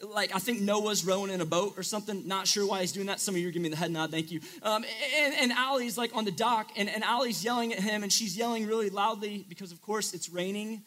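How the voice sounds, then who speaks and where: High bright-voiced young male preacher. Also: quick pace, hardly any pauses. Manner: joking, chatty, lots of "like" fillers. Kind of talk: casual sermon. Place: room with a live audience.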